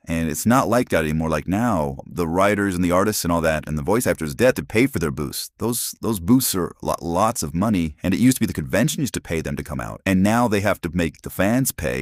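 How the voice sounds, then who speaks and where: A man's voice: low-pitched, no echo, studio quality. A middle-aged man telling rambling, chatty stories and rants as a comics vlogger. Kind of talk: casual storytelling and ranting.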